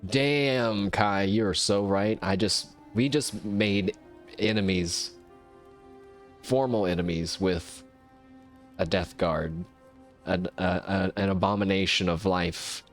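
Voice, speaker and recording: Chatty gameplay host, fairly low male voice, rambling, excitable, faint game music. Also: slow pace. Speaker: let's play host. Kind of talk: casual gameplay commentary.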